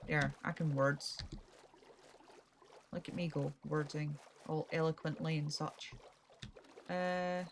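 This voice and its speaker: A woman's voice: deep voice, steady tone, takes it slowly, vocal fry, long pauses, slight background noise. A woman with a Scottish accent chatting casually while commentating her gameplay, rambling and self-deprecating. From Scotland. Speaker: gaming streamer.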